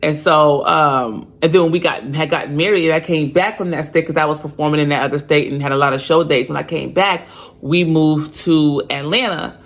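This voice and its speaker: A woman's voice: deep voice, fairly quick. Woman podcast host, 40s, candid storyteller, casual and slangy.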